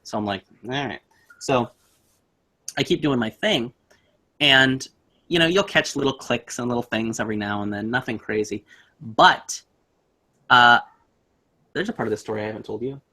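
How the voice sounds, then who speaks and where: Young man, bright forceful tone, animated casual ghost-story teller. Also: mid-range voice, normal speed, long pauses. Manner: animated, acts out voices in his story.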